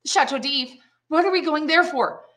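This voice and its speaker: A woman's voice: on the high side, animated, fairly quick, fairly bright tone, voice pushed up. A woman doing a desperate young sailor. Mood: alarmed. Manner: pleading, urgent. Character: young male sailor, falsely accused, desperate.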